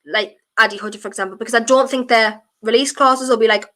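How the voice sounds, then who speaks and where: Woman doing a footy watchalong stream, bright punchy voice, chatty and blunt, yells at fouls. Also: on the high side, steady tone, quick pace. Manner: passionate, blunt, chatty opinions; bursts into shouting at fouls. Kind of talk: live match commentary and fan chat.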